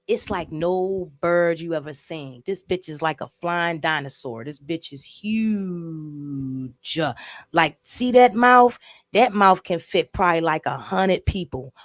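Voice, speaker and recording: A woman's voice: lowish voice, dry recording, clean studio sound. A woman casually recapping and reviewing a movie, telling the story in an emphatic, profane way with lots of repeats.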